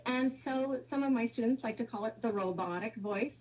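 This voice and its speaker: A woman's voice: on the high side, normal speed, dull audio. A woman presenting a webinar, explaining step by step with some fillers.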